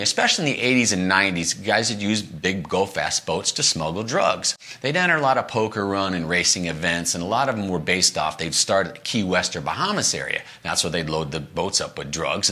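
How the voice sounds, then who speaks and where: A middle-aged man hosts a podcast, casually telling a story from the road. He's animated, acting out the quoted lines with big jumps in pitch.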